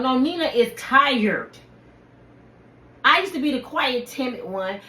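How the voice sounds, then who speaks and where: Heated, preachy woman with a lively high voice. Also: normal speed. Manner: heated, preachy, addresses viewers directly. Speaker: channel host. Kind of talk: impassioned personal rant to camera. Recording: echoey room with faint ambient noise.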